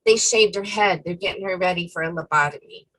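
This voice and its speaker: A woman co-hosting a casual faith-themed chat, retelling a story in an animated way with many fillers. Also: fairly low pitch, fairly quick, poor audio. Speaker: co-host.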